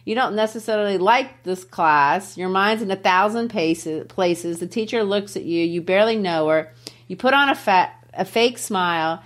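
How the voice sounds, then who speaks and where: Woman teacher and podcast host, mid pitch, animated and emphatic when explaining a poem. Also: normal speed.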